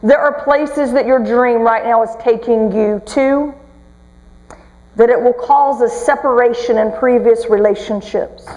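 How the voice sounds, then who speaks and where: A woman with a high voice gives a motivational talk from a stage. She tells stories with playful humor and teases the crowd. Her words carry a long echo through a large hall. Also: unhurried. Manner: lively, humorous storytelling, teasing the audience. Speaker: motivational speaker. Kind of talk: motivational talk to a live audience.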